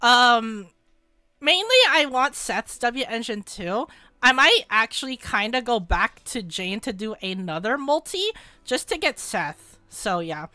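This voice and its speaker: A woman hosting a casual gaming video, commenting on her pulls and breaking into shrieking, repeated exclamations when excited. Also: fairly high pitch, unhurried, no room sound. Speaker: gaming channel host. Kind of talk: casual gacha pull commentary.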